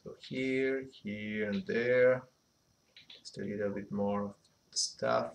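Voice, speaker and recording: Low-ish gravelly guy talking thru an animation tutorial, thinking out loud. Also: fairly even intonation. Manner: unhurried, thinking aloud, hesitant. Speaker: animation instructor. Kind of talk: screen-recorded software tutorial.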